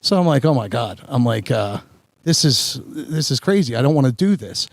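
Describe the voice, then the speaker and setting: A man's voice: mid-range voice, expressive, moderate pace, gravelly, no room sound, studio quality. A man, a podcast host telling a long embarrassing story in a rambling, self-mocking way full of filler words. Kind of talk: casual storytelling chat.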